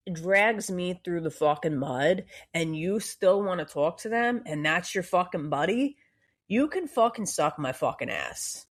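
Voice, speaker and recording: A woman's voice: fairly low pitch, expressive, normal speed. Profane, blunt woman with a Jersey accent. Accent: New Jersey. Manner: blunt and profane, heavy swearing. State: hot and cranky. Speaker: podcast host. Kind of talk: casual solo podcast rant.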